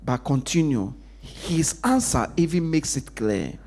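Male pastor, husky, very animated pitch, call-and-response sermon. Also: a little slow. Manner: call-and-response preaching, lively pitch, drops to a hush for emphasis.

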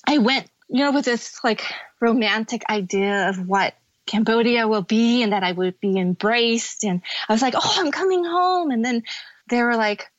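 A young adult woman shares her family's history as a podcast guest, speaking candidly and pausing as emotion rises. Her voice sits fairly high. The sound is dry and a little muffled. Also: no echo. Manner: candid, tearful at times, halting. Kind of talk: emotional personal storytelling.

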